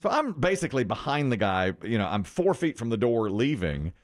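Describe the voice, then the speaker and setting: A man hosting a radio morning show, telling a self-mocking story in a casual, animated way. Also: mid-range voice, a little fast, dry recording, studio quality. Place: radio studio.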